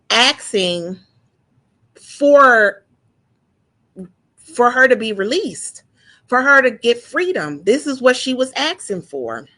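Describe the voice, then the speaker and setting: A woman in her forties telling a painful personal story, halting and emotional, with frequent restarts and repeated words. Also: a little high, fairly bright tone. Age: 40s. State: emotional, close to tears. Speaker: guest sharing her story.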